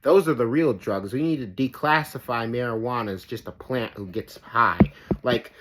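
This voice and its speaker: A man of middle pitch rants through a reaction video, rambling and swearing, stacking up "like" as he loses his thread. His voice rides over steady background noise. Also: moderate pace. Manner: rambling, profane, exasperated, with many fillers like "like". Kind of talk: ranting reaction commentary.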